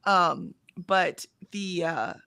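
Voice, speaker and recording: A woman's voice: fairly low pitch, extremely slow, creaky, pushed and bright, smooth, dry recording. An American woman with a general, accentless American voice, chatting casually on a livestream, reading out chat comments with frequent ums. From United States. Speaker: livestream co-host.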